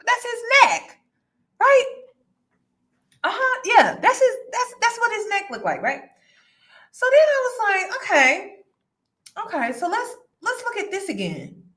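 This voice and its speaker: A woman hosting casual commentary for her live chat, talking in an animated way and repeating herself for emphasis. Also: extremely high pitch. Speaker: commentary vlogger.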